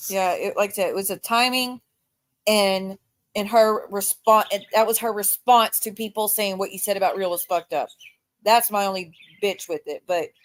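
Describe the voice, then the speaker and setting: A woman co-host speaking bluntly and earnestly in casual stream chat. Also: mid-range voice.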